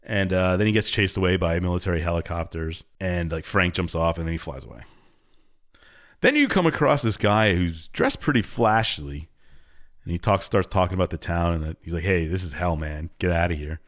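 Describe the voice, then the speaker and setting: A man's voice: low-pitched, expressive, fairly quick. A man co-hosting a podcast, casually retelling a game's story in a laid-back way. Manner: laid-back storytelling, acts out characters briefly. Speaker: podcast co-host recapping a game. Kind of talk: casual chat.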